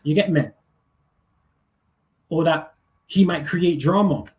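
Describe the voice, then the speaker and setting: A man's voice: fairly high pitch, slow pace, darkish tone. A middle-aged man, ranting casually and profanely on a livestream in heavy street slang. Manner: heated, profane, slangy, keeps asking "you get me".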